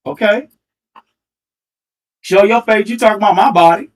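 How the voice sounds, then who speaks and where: A male livestream host launches into a heated rant, taunting and confronting his audience and repeating his jabs into a headset mic. His voice is high-pitched at a normal speed, and he sounds far from the microphone.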